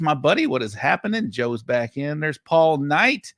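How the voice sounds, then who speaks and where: A man with a drawl hosts a live stream, greeting viewers one by one with lively energy. His voice is bright and forceful, recorded dry and close with no room sound. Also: a little high, normal speed, hardly any pauses, dry recording. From Texas. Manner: energetic, hypes viewers and reads out shout-outs. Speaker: host of a live online barbecue show.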